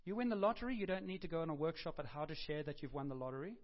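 A male pastor preaches in a fairly high voice, chatting through his stories, stumbling and correcting himself as he goes. The recording is dull and lo-fi. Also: expressive, very fast. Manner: conversational storytelling with self-corrections and humor. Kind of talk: sermon. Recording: dull lo-fi sound.

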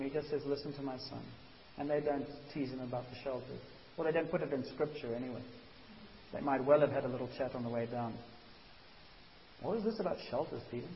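A man preaching a sermon as a pastor, animated and conversational, acting out quotes. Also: a little high. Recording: dull hissy recording in a reverberant hall.

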